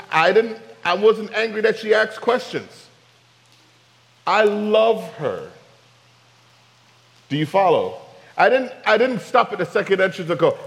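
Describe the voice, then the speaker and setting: A man's voice: a little high, vocal fry, in a large hall, poor audio. A man preaching a sermon, telling a story and asking the congregation rhetorical questions. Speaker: pastor.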